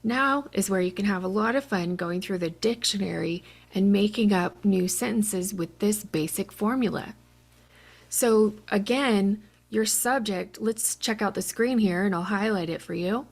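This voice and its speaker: A woman's voice: mid-range voice, unhurried, gravelly. A woman teaching an online language lesson, patiently explaining each step.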